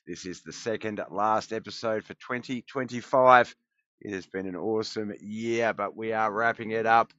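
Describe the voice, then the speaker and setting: A man hosting a live sim racing broadcast on a headset mic, scattered and apologetic, thinking out loud between notes, with the hiccups. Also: fairly low pitch, steady tone, moderate pace, dry recording, highs cut off. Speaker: race commentator and stream host.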